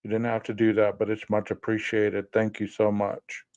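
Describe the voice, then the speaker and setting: A man hosting a live podcast stream, thinking aloud slowly and reading viewer comments. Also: on the low side, monotone, darkish tone, clean tone, no room sound, lo-fi sound. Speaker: podcast host. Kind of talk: live-stream chat over a floor plan.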